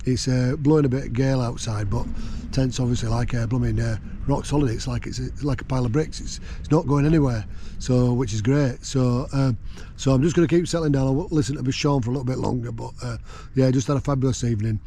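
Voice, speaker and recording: A man's voice: mid-range voice, fairly even intonation, fast talker, warm tone, slight background noise. Rambling man chatting in a tent. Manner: rambling, chatty, many fillers. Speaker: vlogger. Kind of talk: casual outdoor chat. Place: tent on a windy hill.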